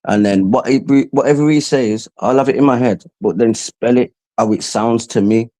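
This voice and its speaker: A man's voice: mid-range voice, normal speed, dark tone. A man chatting casually as host, rambling in street slang. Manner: rambling, slangy, says "you get me". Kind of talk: casual chat.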